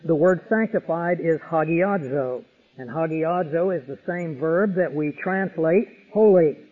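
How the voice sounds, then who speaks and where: Man, preacher, husky, higher voice, emphatic sermon, tinny broadcast sound. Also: measured pace. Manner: emphatic, vivid illustrations. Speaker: pastor. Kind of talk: expository sermon. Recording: tinny radio broadcast with long reverb.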